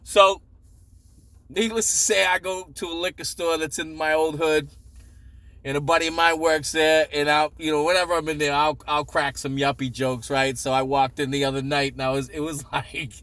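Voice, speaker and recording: A man with a Boston accent telling a story in a profane, sarcastic, animated rant. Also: a little high, no echo. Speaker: vlogger. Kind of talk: ranting story time.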